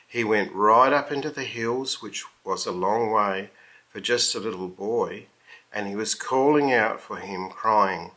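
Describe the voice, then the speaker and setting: A man reading a children's story aloud in a slow, expressive storybook manner. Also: fairly low pitch.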